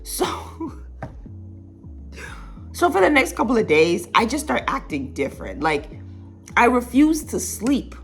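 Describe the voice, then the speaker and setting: A woman's voice: on the high side, very animated, measured pace, pauses often, soft background music. A young woman vlogger telling a childhood story in a casual, rambling way, full of fillers and little laughs.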